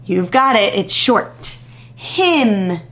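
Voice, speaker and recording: A woman teacher leading a phonics warm-up for young children, sounding out words crisply and praising each answer patiently. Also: medium pitch, very animated. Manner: patient, drawn-out, encouraging praise after pauses. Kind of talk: slow, deliberate phonics lesson to young children.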